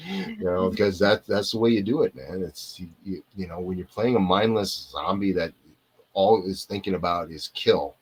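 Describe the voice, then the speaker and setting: A man with a low, husky voice tells behind-the-scenes stories as a guest on a video call. He wanders off on tangents and circles back to his point. The delivery is casual and chatty. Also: moderate pace, poor audio. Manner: rambling, digressive, loses and returns to his point. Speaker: actor, interview guest. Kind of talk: casual storytelling in a live interview.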